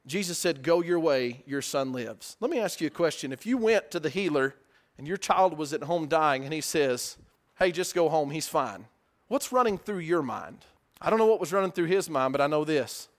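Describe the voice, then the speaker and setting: A man preaching a sermon, asking rhetorical questions and swinging between loud emphasis and hushed lines. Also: fairly high pitch, lively intonation, moderate pace.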